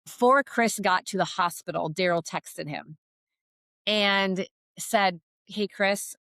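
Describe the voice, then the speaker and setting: A woman's voice: medium pitch, slow pace, fairly bright tone, dry recording. Earnest middle-aged woman, dry close sound. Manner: earnest, heartfelt storytelling. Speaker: podcast guest. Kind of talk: faith testimony in conversation.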